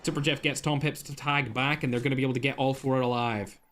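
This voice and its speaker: A young man giving live esports commentary as a streamer, excitable and full of exclamations, chatting with his viewers as he calls the action. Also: medium pitch, fast. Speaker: streamer casting a mobile shooter tournament.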